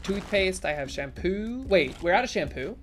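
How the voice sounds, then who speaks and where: Playful young woman streamer, lively pitch. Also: moderate pace, slight background noise. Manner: chatty, playful, reads chat aloud. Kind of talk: casual live-stream chat.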